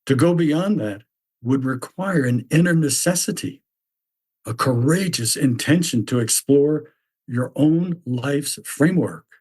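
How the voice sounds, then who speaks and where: A man voicing a stern mythic figure who lectures bluntly in a measured, repetitive way. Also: on the high side, animated, darkish tone, breathy edge. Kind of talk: reflective spoken essay.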